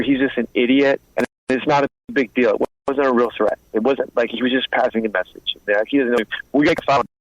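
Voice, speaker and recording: A man's voice: mid-range voice, no echo, dull audio. A man in his fifties, a guest telling blunt streetwise stories in a casual interview and acting out both sides of the talk. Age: 50s. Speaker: guest, former mobster turned informant and author.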